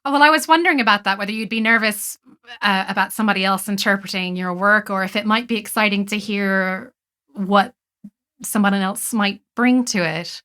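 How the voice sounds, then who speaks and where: Bright-voiced earnest woman interviewer. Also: medium pitch, moderate pace. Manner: earnest, persuasive, with filler words. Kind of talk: casual interview conversation.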